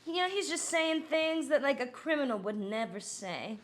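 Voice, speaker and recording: A woman's voice: high voice, lively intonation, normal speed. A woman impersonating a middle-aged female politician as a satirical news anchor, cackling with laughter between crude punchlines. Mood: joking.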